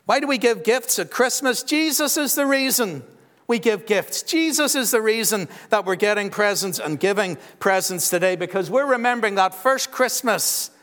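During a church service, a man giving the children's talk playfully quizzes the kids in a warm, teasing way. His voice sits high and animated at a normal speed, picked up by a handheld microphone that gets passed around, with long church reverb.

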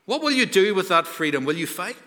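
A man voicing a medieval warrior chief rallying his frightened army, declaiming loudly. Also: high-pitched, sing-song, fairly quick, long reverb tail, exaggerated voice. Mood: rousing. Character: rousing medieval male warrior chief addressing troops.

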